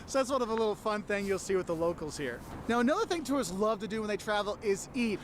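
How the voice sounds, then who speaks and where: A man with a notably high voice talks to camera outdoors, explaining things in a chatty, lightly humorous way. Faint city traffic hums in the background. It sounds like a casual travel vlog. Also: lively intonation, quick pace. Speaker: travel vlogger.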